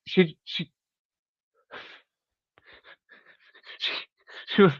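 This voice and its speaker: A man's voice: very slow, no room sound. A man telling a rambling story in casual podcast chat as host, restarting sentences and swearing offhandedly. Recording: dry, dull lo-fi sound.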